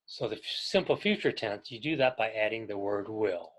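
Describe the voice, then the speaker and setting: A man teaching an English grammar class to adult learners, explaining slowly and clearly and pausing so students can repeat after him. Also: on the low side, animated, rough recording. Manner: patient, deliberate, pauses for learners to repeat. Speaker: ESL teacher.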